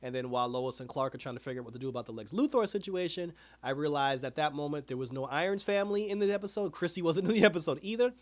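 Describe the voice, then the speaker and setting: A man hosting a casual TV episode review, retelling scenes in an animated way with quoted dialogue and frequent laughs. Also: fairly high pitch, quick pace, few pauses. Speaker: TV review host.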